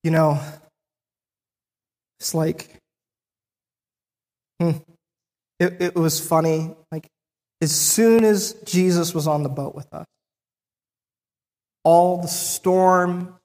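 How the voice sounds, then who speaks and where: A preacher retelling a Bible story in the first person, with frequent restarts and pauses. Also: mid-range voice, steady tone, dark tone, long reverb tail.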